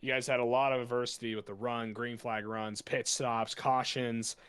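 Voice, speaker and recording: A man's voice: mid-range voice, little pitch movement, moderate pace, fairly bright tone, smooth. A young man co-commentating, asking the race winner enthusiastic, wordy questions. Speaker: booth co-commentator. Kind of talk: post-race interview questions.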